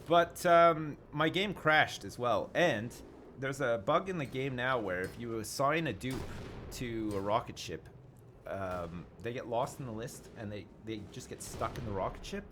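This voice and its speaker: A man talks his way through a video game on a live stream, thinking aloud and letting the odd swear slip. His pitch swings up and down a lot as he rambles. A steady hiss of noise sits under his voice. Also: a little slow. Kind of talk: casual live-stream commentary.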